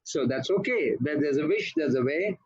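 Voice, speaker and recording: Guy, high voice, teachy grammar notes, kinda muffled lo-fi sound. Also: expressive, normal speed. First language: not English. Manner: instructive, corrects usage and pronunciation word by word. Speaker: Toastmasters grammarian. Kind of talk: club meeting feedback report.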